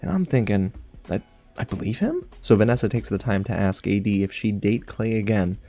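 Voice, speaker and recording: A man recapping a reality show in casual commentary, animated and sarcastic, with big jumps in pitch on his asides. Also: brisk, faint music behind. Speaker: TV show reviewer.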